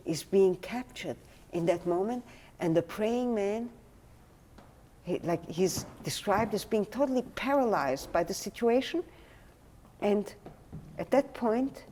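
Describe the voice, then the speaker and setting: A woman's voice: mid-range voice, mellow. A middle-aged woman scholar talking in a thoughtful interview, reflective and acting out quotes, with many "you know" fillers. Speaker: guest scholar.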